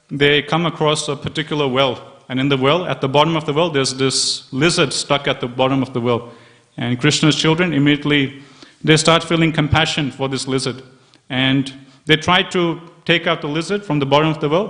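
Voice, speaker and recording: A man's voice: mid-range voice, a bit bright. A man giving a temple scripture class, telling devotional stories with quoted dialogue and lots of repetition. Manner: storytelling, retells scenes with quoted dialogue and repetition.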